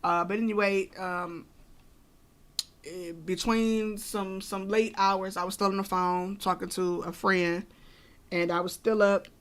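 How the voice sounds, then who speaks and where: A woman's voice: mid-range voice, level tone, unhurried. A woman co-hosting a podcast, telling a personal story casually with many fillers and asides. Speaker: podcast co-host.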